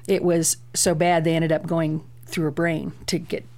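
A middle-aged woman, a guest parent, telling lively stories about raising her daughter on a talk show. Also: sits low, moderate pace. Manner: lively anecdotal telling with fillers.

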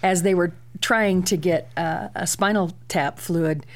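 A woman's voice: lowish voice, unhurried. Middle-aged woman telling family stories. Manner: lively anecdotal telling with fillers. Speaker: guest parent. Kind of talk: storytelling on a talk show.

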